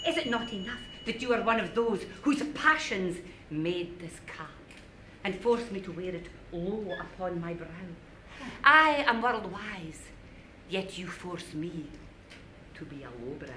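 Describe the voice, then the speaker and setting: A woman's voice: mid-range voice, recorded from a distance. A woman playing a cackling ghost granny. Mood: teasing. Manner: scolding, mocking, cackling. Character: bossy teasing ghost of an old grandmother. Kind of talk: live stage acting. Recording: echoey stage, recorded from afar, faint noise.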